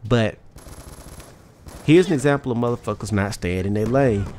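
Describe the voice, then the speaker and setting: A man's voice: mid-range voice, moderate pace, a little mellow, slight background noise. A young man with a strong Southern US twang, talking candidly and profanely over his gameplay as a YouTube commentator. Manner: candid, rambling, swears freely. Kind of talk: casual motivational talk over gameplay.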